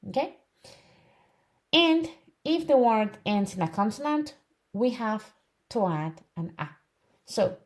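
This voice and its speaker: Woman tutor, patient, repeats and checks in often, lively pitch. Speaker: Spanish teacher. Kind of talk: online language lesson.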